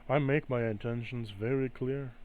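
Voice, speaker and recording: A man voicing a scheming spirit bound to a cube that offers deals, speaking slowly and smoothly in a coaxing way. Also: mid-range voice, steady tone, phone-quality sound, natural voice. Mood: reasoning.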